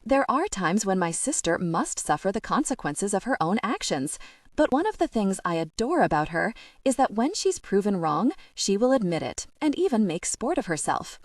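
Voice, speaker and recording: A woman's voice: mid-range voice, sing-song, normal speed, dry recording, studio quality. A woman voicing an earnest, worried younger sister who explains things at length. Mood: apologetic.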